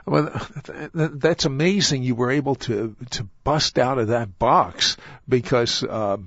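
A man hosting an interview, asking questions in a halting way and repeating words as he starts. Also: mid-range voice, creaky, fairly bright tone, no echo, dull audio. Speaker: TV interview host.

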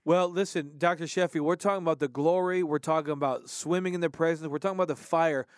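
A man's voice: a little high, fairly even intonation, quick pace, clear, resonant tone, no echo, clean studio sound. A man hosting a religious talk show, speaking fervently and prompting his guest. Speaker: host.

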